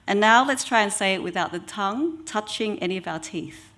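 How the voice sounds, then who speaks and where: A woman, an oral health therapist giving an educational talk in a measured way with frequent ums. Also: medium pitch, animated, background noise.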